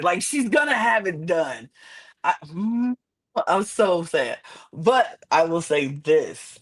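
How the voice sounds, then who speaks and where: A man, chatting on a podcast about a reality show. He retells the action with dramatic acted-out reactions, and his voice swings from low mutters to sudden high cries. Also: slow pace. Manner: animated, acts out reactions with big pitch swings. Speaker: podcast co-host. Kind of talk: casual reality-TV recap chat.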